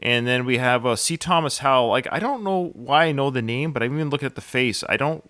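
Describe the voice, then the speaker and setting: A man's voice: mid-range voice, fast talker, sharp tone, no echo. A man co-hosting a casual film podcast, talking hesitantly with frequent restarts and filler words. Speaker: podcast host.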